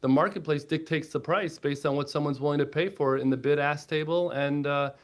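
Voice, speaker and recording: A man guest on a podcast, an energetic storyteller who keeps checking in with "right?". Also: fairly high pitch, a little fast. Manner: energetic storyteller, quotes himself and wife, lots of "right?". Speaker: guest, platform co-founder. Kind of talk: podcast interview.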